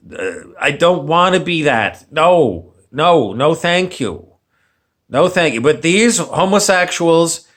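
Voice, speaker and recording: A man's voice: mid-range voice, fairly bright tone. A man ranting on camera as a vlogger, sarcastic and meandering, often repeating himself. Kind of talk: rambling opinion rant.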